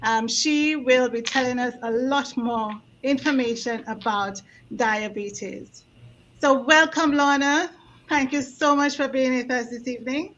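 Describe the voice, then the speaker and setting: High-voiced woman hosting an online health show, hesitant welcome, dull lo-fi sound. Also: a little slow, fairly bright tone, slight background noise. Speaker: host. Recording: slightly dull lo-fi audio.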